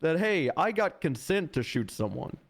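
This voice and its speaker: A man's voice: on the high side, sing-song, moderate pace, creaky. A man in an in-character roleplay conversation, telling what happened on a shift in an exasperated, profane way. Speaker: roleplay deputy recounting an incident.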